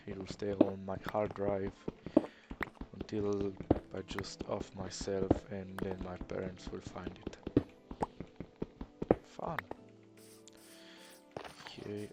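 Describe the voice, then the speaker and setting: A man's voice: on the low side, monotone, slow pace, long pauses, loud music behind the voice. A young man with an Eastern European accent, rambling through casual gameplay commentary in a hesitant, self-deprecating way. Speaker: let's player.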